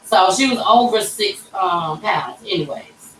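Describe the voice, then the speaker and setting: Speaking a little slowly in a medium-pitched, slightly bright voice with lively intonation, a livestream host tells an emotional personal story. She chats candidly to "y'all" from an echoey tattoo shop, with the mic far away and a little background noise.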